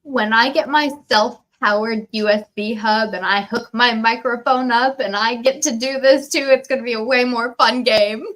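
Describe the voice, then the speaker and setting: Woman guest in a live chat, slightly high voice, wry little remarks. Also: fairly even intonation, normal speed, few pauses, fairly bright tone.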